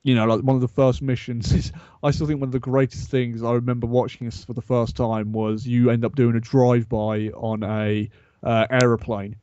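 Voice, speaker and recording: A man appearing as a guest in a casual gaming chat, talking in a relaxed, easygoing way. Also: medium pitch, moderate pace, clear, resonant tone, no echo. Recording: dry, dull lo-fi recording.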